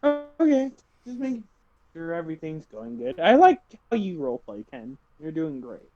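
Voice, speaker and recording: A man's voice: fairly high pitch, sing-song, normal speed, dark tone, lo-fi sound. Laughing young man, chatty gamer. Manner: laughing, teasing. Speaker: player in a tabletop game. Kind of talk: casual chat with a sibling.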